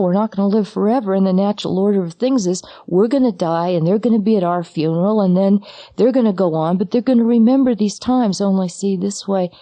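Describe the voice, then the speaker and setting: A middle-aged woman, a psychologist and mother, gives a personal talk on loss in a mellow, warm voice. She speaks straight to the listener, intimate and halting, often circling back over her words. The recording is dry and close. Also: mid-range voice, no room sound.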